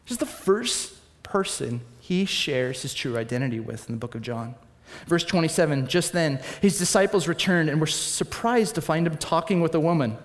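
A man preaching a sermon, telling stories in a lively, animated way, swinging between soft asides and excited bursts. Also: on the high side, moderate pace, in a large hall. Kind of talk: sermon with personal storytelling.

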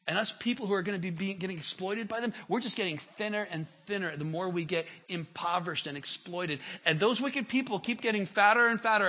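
Husky, impassioned male preacher. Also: high-pitched. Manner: impassioned, rising to near-shouts when voicing prayers, with stammered repeats. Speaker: pastor. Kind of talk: sermon.

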